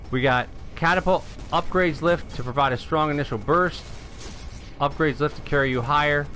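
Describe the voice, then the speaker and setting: Middle aged new york guy streaming games live, bright punchy voice, gets loud and excited, chats to the folks watching. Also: fairly high pitch, normal speed, soft background music. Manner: excitable, shouts at wins, talks to viewers as folks. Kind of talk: live gameplay commentary.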